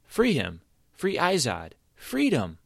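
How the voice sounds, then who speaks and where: A man voicing an eager young boy hero who asks questions and gets excited. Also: medium pitch, fast, no room sound, clean studio sound.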